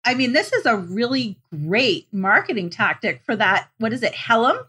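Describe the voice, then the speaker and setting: A woman's voice: fairly high pitch, animated, moderate pace, pushed and bright, breathy edge. A woman taking part as a guest on a podcast panel, making wry, joking asides. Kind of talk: casual panel chat.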